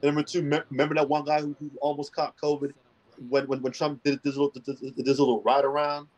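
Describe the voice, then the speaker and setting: Man, podcast co-host, husky voice, slangy, animated storyteller. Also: on the high side, quick pace, dull audio. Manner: animated storyteller, slangy, says "bro" a lot. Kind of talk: casual chat.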